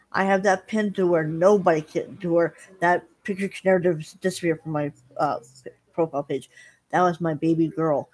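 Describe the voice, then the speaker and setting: A middle-aged woman chatting casually to her viewers, telling a halting, rambling story full of restarts. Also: on the low side, darkish tone. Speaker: vlogger. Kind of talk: casual chat.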